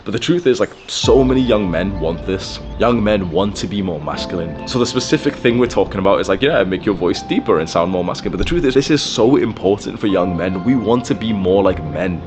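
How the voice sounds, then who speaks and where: Very deep-voiced young man, blunt and profane. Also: expressive, brisk, few pauses, music in the background. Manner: blunt and profane, with frequent fillers. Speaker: self-improvement creator. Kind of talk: casual advice monologue.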